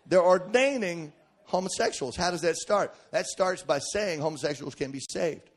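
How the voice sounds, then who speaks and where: Man, middle-aged, preacher, sermon, fairly high voice, emphatic, folksy humor. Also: animated, normal speed. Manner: emphatic, swings from shouting to quiet asides; folksy, joking asides.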